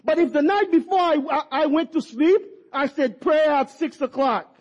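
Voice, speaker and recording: A man preaching a sermon with passion, at times rising to shouts, repeating and stumbling over words. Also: very high-pitched, lively intonation, moderate pace. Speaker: pastor. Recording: dull lo-fi recording.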